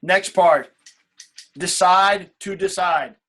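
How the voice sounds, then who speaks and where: A man's voice: high-pitched, takes it slowly, fairly bright tone, a little hiss or hum. A man in his late thirties leading a motivational team call, blunt and casual, swearing freely and repeating his key points. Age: late 30s. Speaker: team leader on a coaching call.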